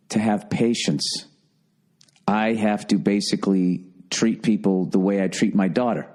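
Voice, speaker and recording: A man hosting a solo comedy podcast, ranting profanely and swinging from shouted outbursts to low grumbling. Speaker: podcast host.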